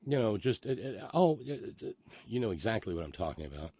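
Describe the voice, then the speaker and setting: A rambling, opinionated man speaking in a fairly low voice. He stammers and restarts often while holding forth in a casual monologue and reading out chat messages. The sound is dry and close, with no room around it. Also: sing-song, quick pace, dark tone, breathy edge, no echo. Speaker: live stream host reading chat.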